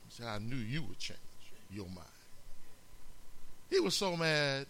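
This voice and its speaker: A man preaching a sermon, animated, calling out amen and acting out the scripture's lines. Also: mid-range voice, unhurried, long pauses. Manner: animated, calls amen, acts out quotes.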